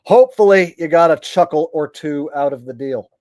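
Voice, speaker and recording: A man's voice: on the high side, normal speed, a little mellow, no room sound. A man streaming on YouTube, chatting casually to his viewers, rambling with frequent "uh" fillers.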